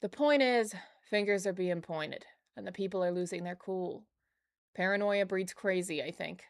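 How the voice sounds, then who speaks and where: A woman's voice: mid-range voice, moderate pace, pitched below the performer's own voice, natural voice. A woman reading out a nervous letter from a male factory head of shipping, in nearly her own voice. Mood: uneasy.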